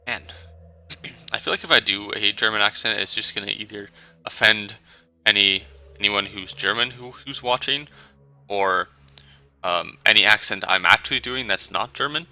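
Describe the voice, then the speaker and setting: A man's voice: fairly low pitch, moderate pace, bright, forceful tone. A man giving casual, chatty gameplay commentary with self-deprecating asides. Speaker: gameplay streamer. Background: faint game music.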